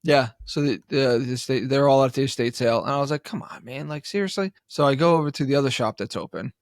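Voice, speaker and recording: A man co-hosting a podcast in casual chat, telling stories with lively acted-out voices and frequent laughs. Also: mid-range voice, fast, no room sound, clean studio sound. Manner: animated storyteller, acts out voices, laughs often. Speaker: podcast co-host.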